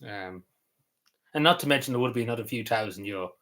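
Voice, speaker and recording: A man's voice: medium pitch, expressive, fast, a bit bright. An Irish man streaming a casual chat. He rambles loosely, with lots of ums, uhs and likes. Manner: meandering, full of ums and likes.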